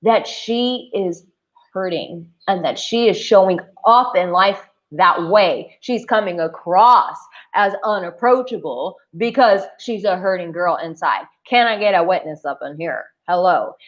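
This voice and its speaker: A woman's voice: fairly low pitch, lively intonation, unhurried, muffled recording. A woman dating coach giving casual, emphatic advice to camera, full of "like" fillers. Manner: chatty, emphatic, with many "like" fillers. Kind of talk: casual talking-head advice. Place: Bali.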